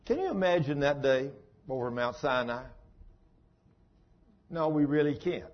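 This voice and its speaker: A man's voice: a little high, measured pace, dull audio. A man preaching a sermon in a folksy, dramatic storytelling manner.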